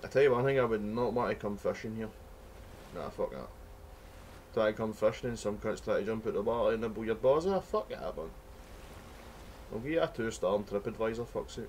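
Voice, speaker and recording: A man's voice: on the low side, brisk, pauses often, a little mellow. Glaswegian man, young adult, let's play commentary, sweary, mock-outraged, faint background noise. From Scotland. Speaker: gamer.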